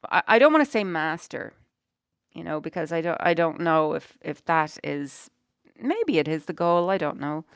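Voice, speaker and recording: A middle-aged woman co-hosting a podcast, talking in a loose, rambling way full of "you know"s and blunt swearing. Her voice is smooth and a little low, recorded close and dry. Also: sing-song, moderate pace, no echo. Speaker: podcast co-host. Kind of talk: casual chat.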